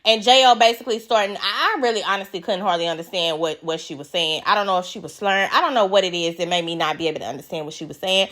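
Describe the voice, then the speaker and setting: A woman's voice: fairly low pitch, fast talker, few pauses. A woman giving a casual, blunt recap of a reality show, swearing freely and acting out the cast's lines. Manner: animated, blunt, swears, acts out quotes in a raised voice.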